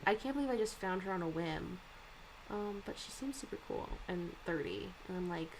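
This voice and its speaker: A young woman talks casually with a lively, bouncing pitch, full of likes and ums. Faint background hiss sits under her voice. She sounds like a streamer chatting to her viewers. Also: normal speed, gravelly, rough recording. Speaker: streamer reading manga and reacting. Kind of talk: casual chat.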